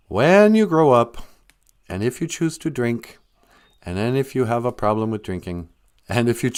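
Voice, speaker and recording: Male live-stream host, playful and teasing, very lively up-and-down pitch, reading viewer chat. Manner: joking, reads chat aloud, teasing.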